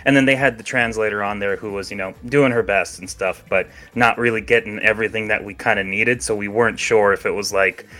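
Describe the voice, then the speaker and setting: Bright-voiced man chatting about games. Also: on the low side, steady tone, a little fast, few pauses. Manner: chatty, hedging with fillers, laughs easily. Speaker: podcast co-host. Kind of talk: casual chat about video games.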